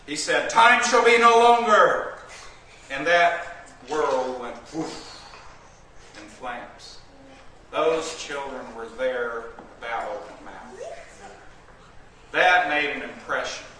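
A man preaching a fervent sermon, swinging from loud declaiming to low, intense warnings. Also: slow pace, pauses often. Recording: echoey room, far from the mic, noisy.

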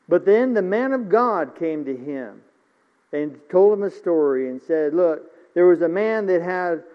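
A man preaching a sermon, retelling a story and then reading scripture aloud with rising force. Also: on the high side. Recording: muffled recording with long reverb.

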